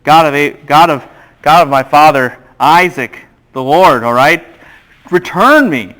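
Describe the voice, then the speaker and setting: A man giving a classroom Bible lecture, animated and quizzing the students with questions. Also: a little high, a little slow.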